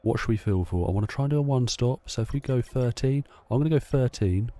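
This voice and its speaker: A man's voice: mid-range voice, fast, warm tone, dry recording. A man chatting casually to himself while playing a racing game. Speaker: gameplay streamer. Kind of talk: casual gameplay commentary.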